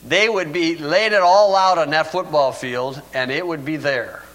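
A man's voice: a little high, normal speed, fairly bright tone, poor audio. An older man preaching a sermon in a folksy, storytelling way, chuckling often. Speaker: pastor.

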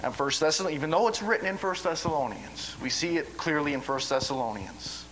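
A man delivering a sermon in a high, bright voice. He talks in a folksy, rambling way, repeating words as he restarts his sentences. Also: expressive, a little fast, slight background noise, poor audio. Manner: stammering restarts, folksy asides. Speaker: preacher.

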